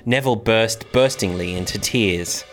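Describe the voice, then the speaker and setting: A man narrating a comedic parody story in a mock-serious, deadpan way. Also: lowish voice, moderate pace, soft background music. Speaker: co-host.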